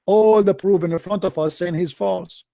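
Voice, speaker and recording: Live-stream debate host, male, taunting and emphatic, slightly high voice, dark tone. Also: normal speed, gravelly, no echo.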